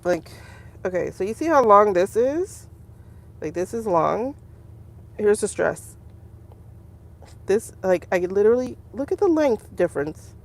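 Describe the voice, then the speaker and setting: A woman's voice: medium pitch, unhurried, pauses often. A woman hosting a casual livestream as a tarot reader, chatting to her viewers and laughing often. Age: adult. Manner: chatty, animated, laughs often, talks to the chat.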